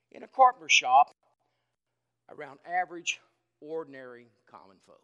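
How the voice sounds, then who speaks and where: A man preaching an evening sermon in a folksy, conversational way, asking the congregation questions and swinging from loud to soft. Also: sits high, clean tone. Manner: dynamic, swings from loud to quiet.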